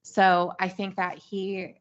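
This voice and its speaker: A woman's voice: mid-range voice, completely flat delivery, slow. A woman co-hosting a casual podcast, thoughtfully speculating with many fillers. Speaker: podcast co-host. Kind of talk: casual chat. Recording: dull lo-fi sound.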